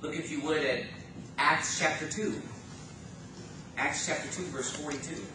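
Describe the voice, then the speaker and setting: Pastor, male, high bright voice, emphatic sermon delivery, far-off mic in a very echoey church. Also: fairly even intonation, a little slow, very noisy. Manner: emphatic preaching, rising and falling in force. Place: church sanctuary.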